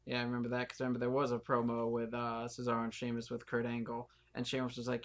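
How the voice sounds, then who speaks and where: A man's voice: medium pitch, completely flat delivery, fast. A man co-hosting a podcast in laid-back casual chat, now and then doing mocking impressions. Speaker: podcast co-host.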